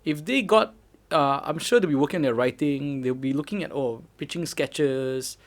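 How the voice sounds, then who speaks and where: A young man with a Malaysian English accent hosting a casual podcast chat, animated and quick to laugh. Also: a little high. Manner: animated, laughs often, talks in bursts. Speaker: podcast host.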